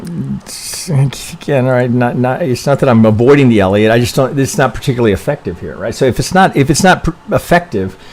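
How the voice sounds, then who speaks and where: A man's voice: medium pitch, lively intonation, fairly quick, darkish tone. A man reviewing trading charts on a casual live stream, rambling and self-interrupting, tagging "right?" onto his points, a little congested from allergies. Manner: rambling, self-interrupting, frequent "right?" tags and mild swearing.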